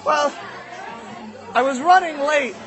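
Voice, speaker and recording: A man voicing an excitable young boy who rattles off a run-on account of his troubles, recorded with audience crowd noise. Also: very high-pitched, takes it slowly. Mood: breathless. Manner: breathless run-on storytelling.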